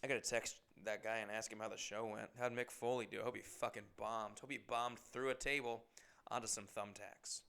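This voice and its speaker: Brief: comedian host with a gravelly, crisp voice, rambling and swearing through stories. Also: male voice, on the low side, flat delivery, brisk, bright, forceful tone. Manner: rambling, profane, self-deprecating. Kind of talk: casual storytelling monologue.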